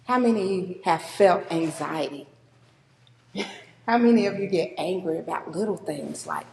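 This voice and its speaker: A woman's voice: fairly low pitch, normal speed. A woman giving a conversational church talk on grief, acting out the people she quotes. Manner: warm conversational, acts out quoted people with lively voices. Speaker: speaker at a church. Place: church sanctuary. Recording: echoey church hall with long reverb.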